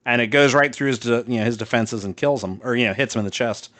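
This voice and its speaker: A man's voice: mid-range voice, fast talker, a bit bright, dry recording. A male podcast co-host in casual chat, talking loosely with lots of fillers and swearing, laughing as he retells a story.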